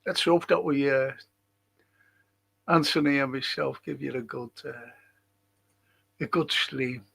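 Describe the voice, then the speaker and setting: Slow-talking gravelly man hosting a stream. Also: mid-range voice, fairly bright tone. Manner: chatty and jokey, greeting viewers by name. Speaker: historian hosting a live stream. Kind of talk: casual live-stream chat.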